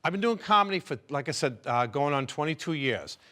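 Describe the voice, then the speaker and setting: A man's voice: fairly high pitch, animated, brisk, pushed and bright. A middle-aged man doing a stand-up set, chatty and teasing the audience. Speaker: stand-up comedian. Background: audience laughter.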